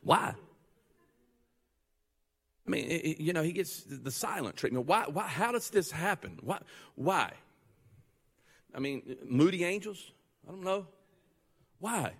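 A male pastor preaching a sermon, joking and conversational, then building to loud, fervent passages. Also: on the high side, very animated, a little slow, creaky, pauses often, breathy edge, big-room sound.

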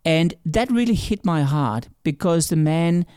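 A man's voice: a little high, lively intonation, a little slow, dark tone, clear, resonant tone, no echo, studio quality. A man being interviewed as an author, explaining his ideas through stories and examples, often repeating words as he goes. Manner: storytelling, explains with examples and acted-out quotes; repeats words and restarts sentences. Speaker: author and guest. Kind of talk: conversational interview answers.

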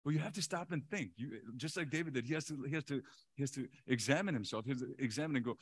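A male pastor preaching a sermon in an animated way, chuckling often and repeating words for emphasis. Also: medium pitch, fast, husky.

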